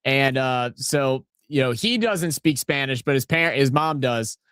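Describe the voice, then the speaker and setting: This watch-along host from New Orleans, USA has a medium-pitched, clean-toned voice and a measured pace, recorded dry with clean studio sound. With his New Orleans accent, he rambles, swears and gets excitable while casually talking over a live match and telling stories.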